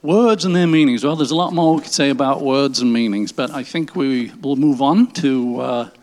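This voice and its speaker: A man moderating a Bible study panel, thanking a speaker and moving briskly to the next topic. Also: mid-range voice, darkish tone. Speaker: discussion moderator.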